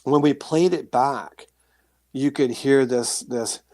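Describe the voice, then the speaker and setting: A man being interviewed as a guest, telling rambling, animated anecdotes full of fillers and restarts. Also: mid-range voice, slow, no echo. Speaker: guest author sharing paranormal experiences. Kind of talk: casual storytelling interview.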